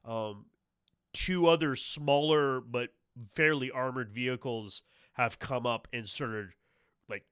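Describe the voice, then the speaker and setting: A man runs a tabletop role-playing session as game master, wandering through his narration with plenty of fillers and restarts. His voice is bright and clear, recorded dry and close. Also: mid-range voice, dry recording. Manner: rambling, many fillers and restarts.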